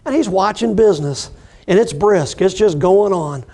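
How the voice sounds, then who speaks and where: A middle-aged man with a high voice and a gravelly, rough edge runs an addiction recovery lesson. He tells it as an easygoing story and acts out the people he talks about. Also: animated, normal speed, mellow. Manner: conversational, acts out the people in his stories. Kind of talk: storytelling lecture.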